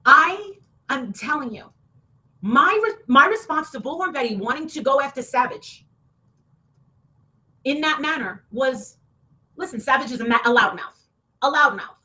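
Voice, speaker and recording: A woman talking in a heated, casual rant, swearing often and breaking into loud outbursts. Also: sits high, lively intonation, normal speed, long pauses. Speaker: online show guest.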